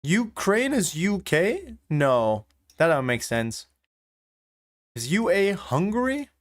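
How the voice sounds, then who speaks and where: Young streamer guy, pretty high voice, casual and sweary, just talking to chat. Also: sing-song, slow. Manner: casual, swears freely, thinks aloud. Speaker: livestreamer.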